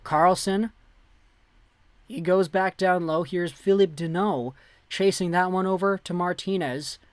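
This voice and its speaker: Man, hockey play-by-play, livestream commentary, high voice, dry close mic, loud bursts on big plays. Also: unhurried, no echo.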